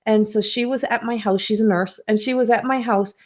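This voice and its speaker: A woman's voice: on the high side, steady tone, a little fast, darkish tone. A woman hosting a live card reading, reading viewer comments aloud and speaking in an emotional, affirming way. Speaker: intuitive card reader hosting a live stream.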